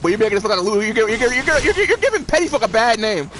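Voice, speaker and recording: A man's voice: high voice, racing. A man ranting casually about a story he watched, swearing often and laughing between lines. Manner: profane, laughing, animated. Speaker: video creator. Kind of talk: casual rant.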